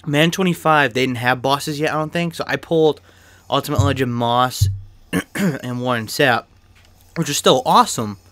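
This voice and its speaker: A young man chatting casually while opening card packs in a video game, excitable and swearing freely, with a cough and an irritated throat. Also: mid-range voice, normal speed, no room sound. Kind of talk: casual pack-opening commentary. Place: his bedroom.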